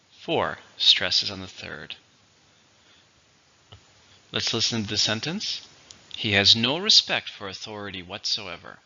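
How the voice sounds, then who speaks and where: Male english teacher, gravelly voice, slightly low, slow clear explanations. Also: sharp tone, dull audio. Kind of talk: vocabulary lesson.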